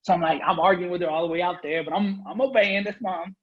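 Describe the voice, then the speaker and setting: A man's voice: sits high, steady tone, fast, narrow, tinny audio. A man guest on a podcast interview, telling a personal story in an earnest, emphatic way. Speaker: guest speaker.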